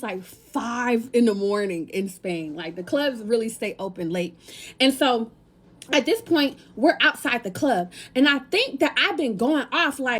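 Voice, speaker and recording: A young woman from the United States tells a story to her viewers in a chatty, casual way. Her voice sits high, and she keeps the talk loose and full of slang. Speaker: lifestyle content creator.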